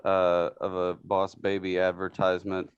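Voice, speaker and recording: A man's voice: low-pitched, completely flat delivery, normal speed, clear, resonant tone, no echo, lo-fi sound. A man co-hosting a podcast in a casual chat, describing memes, swearing freely and laughing as he talks. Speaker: podcast co-host.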